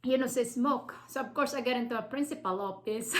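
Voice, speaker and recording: A woman's voice: a little high, a little fast, poor audio. Filipino woman telling a rambling story. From Philippines. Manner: rambling, many fillers and restarts, laughs between sentences. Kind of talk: casual personal storytelling.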